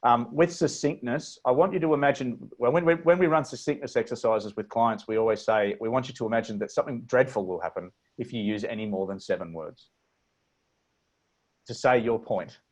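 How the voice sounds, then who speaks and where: A man with an Australian accent coaching a webinar on speech over a video call, talking in a measured, deliberate way and demonstrating inflections. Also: medium pitch. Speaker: presentation coach. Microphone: computer mic on a video call.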